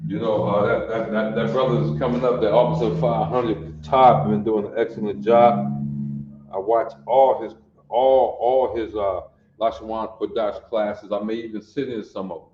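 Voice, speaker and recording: A man's voice: on the low side, steady tone, moderate pace, reverberant, highs cut off. A man in his sixties teaching a language class over a livestream, folksy and talking straight to viewers, often asking if they see it. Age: 60s. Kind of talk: livestream lesson.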